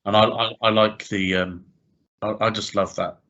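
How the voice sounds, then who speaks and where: A man's voice: on the low side, little pitch movement, normal speed, bright, forceful tone, lo-fi sound. A man hosting a podcast in casual chat, hesitant and agreeable, often restarting his sentences and using lots of fillers.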